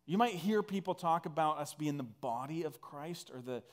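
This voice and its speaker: A man's voice: a little high, expressive, moderate pace. A man from northern Canada preaching a conversational sermon, earnest and full of restarts. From northern Alberta, Canada. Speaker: pastor.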